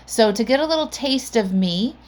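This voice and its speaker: A woman's voice: a little high, animated, moderate pace, a little mellow. A woman hosting a podcast and coaching, talking in a chatty, conversational way with frequent "like" and "right?". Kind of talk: chatty podcast intro monologue.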